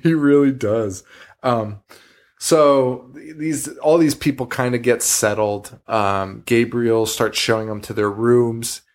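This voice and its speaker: A man's voice: medium pitch, steady tone, slow. A man co-hosting a horror podcast, recapping a movie in casual chat, swearing freely, laughing often and acting out the characters' lines. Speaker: podcast co-host.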